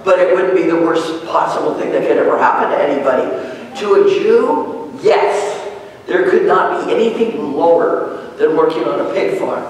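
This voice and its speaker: A woman's voice: low-pitched, slight background noise. A woman pastor giving a conversational sermon, telling stories and asking the congregation questions. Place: church sanctuary. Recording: echoey church hall, far from mic.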